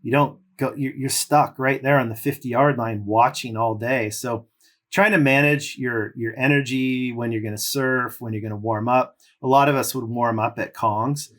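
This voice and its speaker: Relaxed and rambling with loose fillers, a middle-aged man from California, once a pro surfer, shares long stories as a podcast guest. His voice is mid-range and his speed normal.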